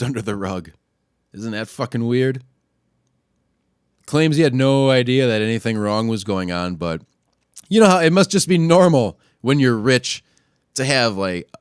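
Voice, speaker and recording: A man hosting a podcast, ranting casually and crudely, often pushing his voice louder and higher when worked up. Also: no room sound, clean studio sound. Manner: profane, crude trolling rant. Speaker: podcast host. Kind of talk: casual solo rant.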